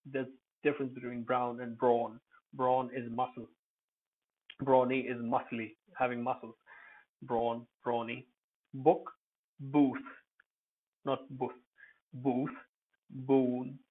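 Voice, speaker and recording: A man teaching English pronunciation in a relaxed lesson, calling out single words loudly and explaining them with hesitant pauses. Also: medium pitch. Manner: hesitant, many uh fillers, thinks aloud. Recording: tinny phone-quality recording.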